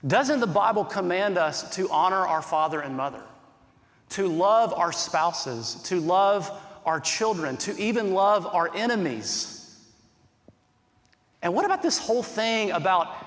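A man's voice: sits high, fairly bright tone, big-room sound. A male pastor preaching a sermon in an earnest, conversational way, asking many rhetorical questions.

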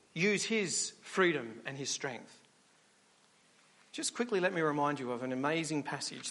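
Animated preacher, high voice. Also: male voice. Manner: animated storytelling with rhetorical questions. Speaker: pastor. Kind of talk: sermon. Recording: long hall reverb.

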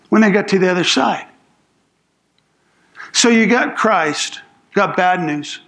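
A man's voice: high-pitched, a bit bright. A man preaching a sermon as a pastor, telling the story casually with slang and acting out what people say. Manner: acts out quoted speech in the story.

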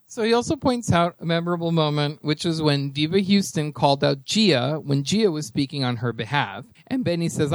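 A man's voice: on the high side, animated, moderate pace, few pauses, dry recording. A man co-hosting a podcast in casual chat, sassy and gossipy as he talks things over. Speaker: podcast co-host.

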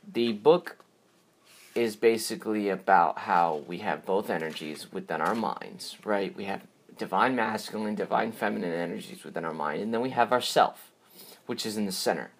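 Casting: man, lowish voice, solo podcast host, loose and meandering delivery with lots of restarts. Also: gravelly. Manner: rambling, repeats words, yawns, drifts off track. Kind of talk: casual solo podcast talk.

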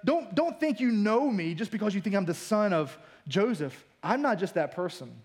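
A serious male teacher addresses a crowd with slow, weighty emphasis. A preacher acts him out, and his voice sits fairly high. The words land one at a time. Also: very animated. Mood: earnest.

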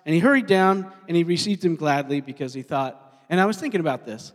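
Animated male pastor preaching in a reverberant hall. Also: on the high side, a little fast, few pauses. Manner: animated, asks the congregation questions. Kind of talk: sermon. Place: church sanctuary.

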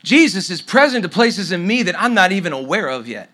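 A man's voice: high voice, sing-song, fairly quick, bright, forceful tone. A middle-aged man preaching a sermon, telling a story and dropping to a near whisper at tender moments. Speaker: pastor.

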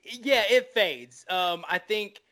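Enthusiastic male co-host, rambling, bright and tense-edged, fairly high. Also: lively intonation, slow. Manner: rambling, filler-heavy, enthusiastic. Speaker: podcast co-host. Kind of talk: casual film podcast chat.

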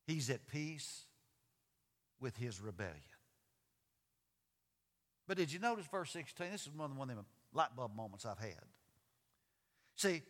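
A man's voice: fairly high pitch, sharp tone, long reverb tail. A man preaching a sermon in an emphatic way, asking his listeners questions and reading scripture. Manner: emphatic, asks the audience questions. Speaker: pastor.

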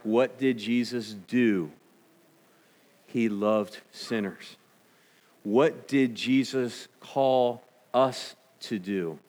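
A man's voice: lowish voice, in a large hall. A man preaching a conversational sermon as a pastor, often asking the congregation questions.

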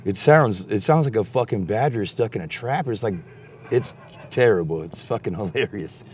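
A young man with a fairly low voice, spinning a rambling, swear-heavy story and slipping into the voices of the people in it. His talk is loose and animated. A faint bed of room noise sits underneath. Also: moderate pace. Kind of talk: casual profane storytelling.

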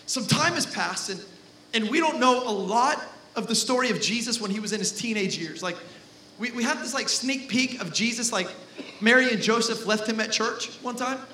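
A male pastor preaching a sermon with lots of energy. He jokes with the congregation and shouts for emphasis. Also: very high-pitched, lively intonation, moderate pace, echoey room, a little hiss or hum. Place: church hall.

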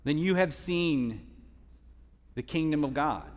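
A man preaching a sermon as a guest speaker, telling a story in a dynamic way that drops to hushed tones and rises for emphasis. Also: a little high, takes it slowly, long reverb tail. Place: church hall.

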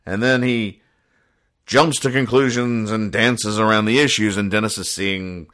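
Wry low-voiced man recapping comics. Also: fairly even intonation, a bit bright. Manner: rambling, wry, dry explanations of each joke; puts on quick voices for the characters. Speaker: host reading comic strips aloud. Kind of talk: casual comic-strip recap.

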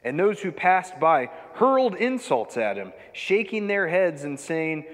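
A man preaching a sermon as pastor, reading scripture with measured delivery and dramatic emphasis on quoted lines. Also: sits high, sing-song. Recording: long hall reverb.

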